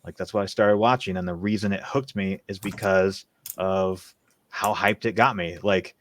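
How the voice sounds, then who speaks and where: A man's voice: sits low, steady tone, moderate pace. A man on a casual podcast, reflective, telling stories about what he watched. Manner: reflective, storytelling. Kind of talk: casual chat.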